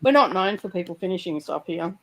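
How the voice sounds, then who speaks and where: A woman's voice: on the low side, lively intonation, noisy background. A woman co-hosting a live reading stream chats casually, teasing her partner and laughing often. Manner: chatty, teasing, quick to laugh.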